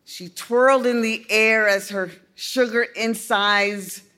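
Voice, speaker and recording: Slow, bright-voiced woman reading a story. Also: on the high side, fairly even intonation. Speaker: audiobook reader. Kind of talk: first-person story narration.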